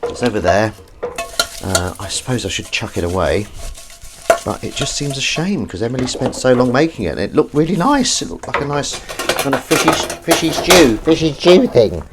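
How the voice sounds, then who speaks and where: A man's voice: medium pitch, lively intonation, brisk. A man hosting a live stream, chatting casually and rambling to viewers while washing up in his kitchen. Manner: rambling, self-correcting, chatty asides to viewers. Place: home kitchen. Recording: loud sink and kitchen noise.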